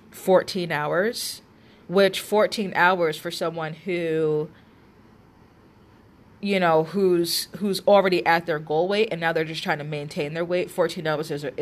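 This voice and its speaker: A woman with a stuffy, congested nose giving casual health advice to her viewers, chatty and direct, with lots of fillers and restarts. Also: on the low side. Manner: direct, addresses viewers as guys and ladies. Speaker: health coach. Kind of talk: casual advice talk to camera.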